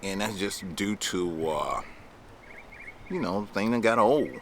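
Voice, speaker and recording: A man's voice: fairly low pitch, animated, a little slow, a little hiss or hum. A man telling lawn care stories to his viewers in a chatty, laughing way. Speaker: lawn care business owner. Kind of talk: casual storytelling vlog.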